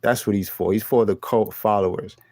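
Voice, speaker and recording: A man reacting to clips in a loose, blunt, profane ramble, often restarting his sentences. His voice is low and mellow, recorded close and dry with no room sound. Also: steady tone, a little fast, no echo. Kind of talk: casual reaction commentary.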